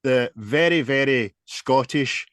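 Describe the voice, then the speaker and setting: A man with a Glaswegian accent hosting a podcast, chatting casually and swearing freely in lively banter. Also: medium pitch, takes it slowly, dry recording. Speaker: podcast host. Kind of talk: casual chat.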